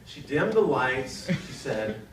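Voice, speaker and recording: A man's voice: medium pitch, very animated, slow pace, crowd noise. A man in his thirties doing a self-deprecating stand-up comedy set on stage, jumping into quoted voices. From North Carolina, United States. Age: 30s. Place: arts center stage before a laughing audience. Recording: echoey room from far off, loud hiss.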